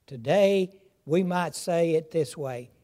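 An older man preaching a sermon, slow and emphatic, repeating key phrases for stress. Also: fairly high pitch, mellow.

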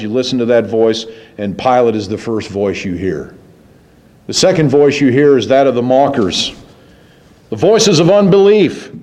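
A man preaching a sermon, moving from low, musing passages to raised, emphatic ones. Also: darkish tone. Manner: dramatic, swings between low musing and high emphatic preaching.

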